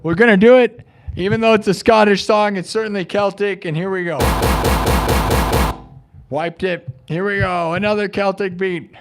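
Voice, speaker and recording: Male streamer, higher voice, loose rambling patter between songs. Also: fairly even intonation, moderate pace, pauses often, over loud music. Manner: rambling, chatty, restarts sentences. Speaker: live-streaming musician and host. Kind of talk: casual chat over live looped music.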